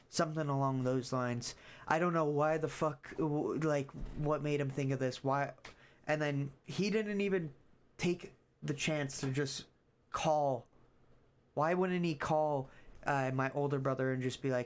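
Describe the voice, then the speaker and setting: A man's voice: on the high side, measured pace, slight background noise. Rambling young man chatting casually. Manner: rambling, many fillers and restarts, swears casually. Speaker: streamer. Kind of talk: casual chat.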